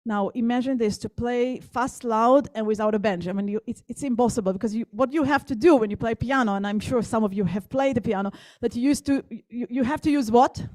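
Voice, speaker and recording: Higher-voiced woman telling a story. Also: fairly quick, hardly any pauses, darkish tone, no room sound. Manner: engaged, asks the audience questions. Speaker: guest speaker. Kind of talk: storytelling talk to an audience.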